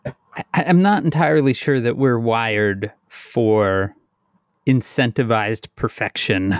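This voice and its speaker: A man co-hosting a podcast, measured and agreeable, often answering with a quick yes or right. He speaks slowly at a middling pitch. The recording is dry, with no room echo. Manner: measured, agreeable, lots of short affirmations. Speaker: podcast co-host. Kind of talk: casual chat.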